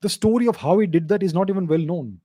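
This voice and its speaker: A man hosts a solo question-and-answer show, speaking casually but with firm, emphatic certainty. His voice sits somewhat high yet sounds mellow and dark in tone. The recording is dry and close, with no room sound. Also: quick pace, no echo. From India. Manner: assertive, emphatic, repeats points for stress. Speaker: host answering viewer questions.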